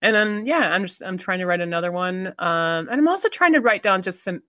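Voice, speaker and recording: A woman's voice: lowish voice, lively intonation, a little fast, fairly bright tone, no echo, studio quality. A woman in casual conversation, hesitant, with many fillers and restarts. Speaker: guest, theater artist and writer.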